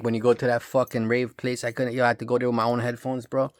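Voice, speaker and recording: A man's voice: mid-range voice, little pitch movement, fast talker, hardly any pauses, no room sound. A man from Romania ranting in a rambling, profane monologue, tossing in bro and dog all the time. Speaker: vlogger.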